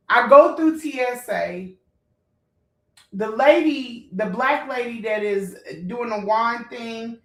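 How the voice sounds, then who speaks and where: Woman venting to her followers, cussing, kinda high voice, echoey room. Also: slow, recorded from a distance. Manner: blunt, profane, emotional, talks straight to viewers. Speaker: vlogger. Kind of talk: heated storytime rant.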